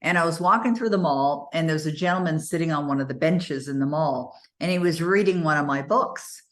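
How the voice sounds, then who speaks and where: A woman with a low-pitched voice tells stories in a casual, chatty way. She acts out the dialogue with sudden leaps in pitch. She is an author coach from Canada, hosting the talk. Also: fairly quick. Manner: animated, acts out dialogue with big pitch jumps.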